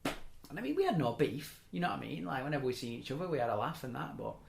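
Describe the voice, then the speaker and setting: A young man spins a long anecdote in easy podcast chat. His pitch sits mid-range, and he keeps cutting himself off to add little asides. The room has a noticeable echo. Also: big pitch swings, fast talker, gravelly, background noise. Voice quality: rambling, self-interrupting, chuckling asides. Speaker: podcast host. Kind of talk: casual storytelling chat. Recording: echoey room.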